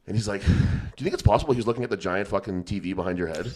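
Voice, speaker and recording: A man's voice: lowish voice, expressive, very fast, a little mellow, a little hiss or hum. A man hosting a podcast, telling a rambling story with lots of swearing and laughter in a casual chat. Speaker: podcast host.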